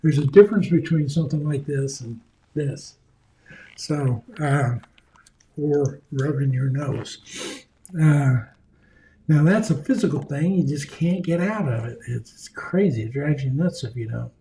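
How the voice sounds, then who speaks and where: Man, leadership speaker, folksy and conversational, slightly higher voice, acts out quotes. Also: unhurried, warm tone, a little hiss or hum. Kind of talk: conversational seminar talk.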